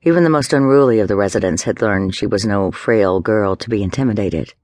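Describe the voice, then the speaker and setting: A man giving a measured, dramatic scripted narration of a story. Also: on the low side, a little mellow, no room sound, clean studio sound. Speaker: audiobook narrator.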